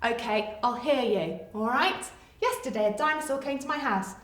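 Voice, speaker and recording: A woman's voice: on the high side, expressive, normal speed, a bit bright. A woman teacher with an English accent giving a playful writing lesson to young children, talking in a sing-song, exaggerated way. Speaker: primary school teacher. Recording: echoey room.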